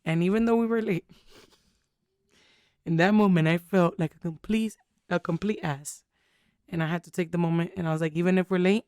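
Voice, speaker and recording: A woman's voice: on the low side, fairly even intonation, normal speed, pauses often, darkish tone, clean tone, dry recording, studio quality. A young woman co-hosting a podcast, telling a candid, rambling story full of fillers in casual chat. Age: young adult. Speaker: podcast co-host.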